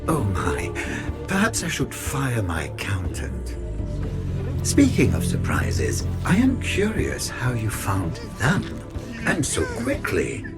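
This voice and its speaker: A silky, scheming crime boss. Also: male voice, on the low side, wildly swooping pitch, takes it slowly, full character voice. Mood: suave. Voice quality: smooth, courtly and mocking. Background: loud game music.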